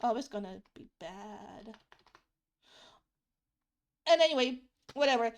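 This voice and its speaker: A young woman with a high voice talks casually as she draws on a live stream. She rambles, repeats herself and swears freely. English is not her first language. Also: animated, measured pace, pauses often. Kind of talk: casual chat while drawing.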